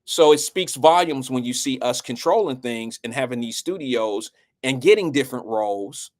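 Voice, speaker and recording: A man's voice: mid-range voice, expressive, normal speed. A man hosting a live show, giving blunt and preachy casual commentary.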